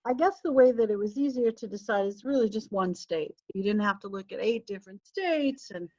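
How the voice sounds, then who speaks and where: A college teacher, a woman with a medium-pitched, dark voice, gives a casual online lecture a little fast over a video call. She's chatty and laughs at herself, with an occasional sneeze or cough. The video call audio sounds slightly dull.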